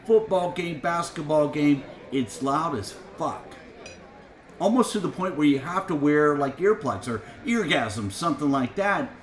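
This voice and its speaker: Animated, swearing middle-aged man host. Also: on the high side, reverberant. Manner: animated, swearing, laughing, indignant. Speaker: radio show host. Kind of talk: profane storytelling rant.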